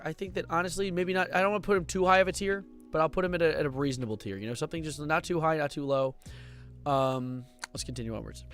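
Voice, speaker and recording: Young man, streamer, casual livestream commentary, excitable, rambling, swearing, fairly high voice. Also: fast talker, faint music behind. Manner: excitable, rambling, swears, sudden loud outbursts.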